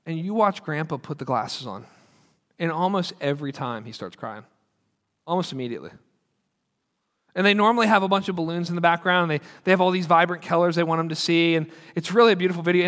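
A man's voice: fairly high pitch, fairly bright tone. A man preaching a sermon to a congregation in an earnest, conversational way, acting out quoted lines. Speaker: pastor. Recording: long hall reverb.

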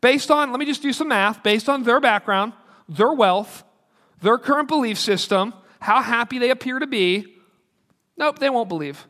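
A fairly high, bright-voiced man preaching with earnest energy. He tells stories and reads scripture in slow, deliberate phrases. His voice rings out across a reverberant church hall. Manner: earnest, storytelling, slows down for quotes. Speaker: pastor. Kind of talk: sermon.

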